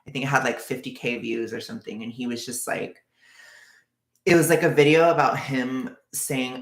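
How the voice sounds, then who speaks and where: A chatty livestreamer rambles to viewers while knitting. The voice has a gravelly vocal fry and keeps breaking into laughter. It sits in a roomy, echoey space. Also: medium pitch, fairly even intonation. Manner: rambling and chatty, lots of "like", quick bursts of laughter. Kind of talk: casual live-stream chat.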